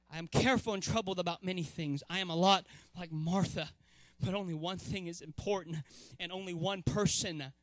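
A man preaching a sermon, filling pauses with "uh" and swelling to shouted emphasis. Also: fairly high pitch, no echo.

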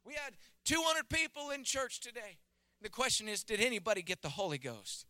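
Pastor, male, thirties; earnest sermon voice, fairly high, dry close sound. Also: animated, brisk, pushed and bright, no echo. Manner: earnest preaching with stories and prayer, rising emphasis.

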